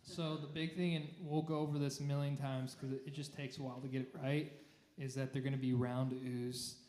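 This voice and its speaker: A man's voice: mid-range voice, level tone, fairly quick, dark tone. A man leading choir rehearsal, talking through notes and singing short phrases to demonstrate. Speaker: choir director. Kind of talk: rehearsal instruction. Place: church room. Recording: echoey room.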